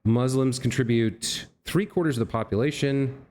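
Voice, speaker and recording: Thinking aloud through a game puzzle, a let's play host frequently revises his reasoning and addresses the characters on screen. His mid-range voice is a little mellow and moves at a moderate pace.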